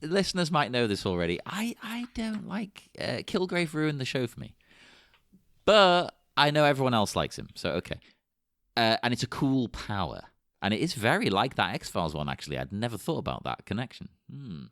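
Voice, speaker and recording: A man co-hosting a podcast in casual chat, animated and laughing often. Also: mid-range voice, brisk, no echo, studio quality. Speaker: podcast co-host.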